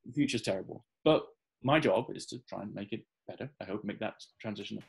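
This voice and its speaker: A man from Staffordshire with an English Midlands accent is a guest in a casual interview, rambling enthusiastically and often restarting his sentences. His lowish voice is fast, gravelly and slightly breathy, and the audio is poor.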